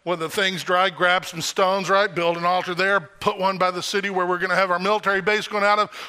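A man preaching a lively sermon, his voice bright and forceful and set a little high. He keeps firing rhetorical questions at the congregation and leans hard on each point. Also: fast talker, hardly any pauses, clean tone. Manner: animated, emphatic, full of rhetorical questions. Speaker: pastor. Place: church service.

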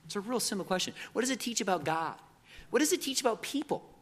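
Man, Bible teacher, slightly high voice, conversational, stumbles and restarts often. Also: expressive, fast talker, a bit bright, husky. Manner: conversational, many repeated words and restarts. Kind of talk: teaching talk on Bible meditation.

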